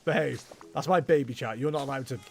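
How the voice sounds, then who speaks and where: A man's voice: mid-range voice, fast, creaky, soft background music. A man chatting casually and rambling with self-mocking humor while livestreaming a game. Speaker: streamer. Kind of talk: casual gameplay livestream chat.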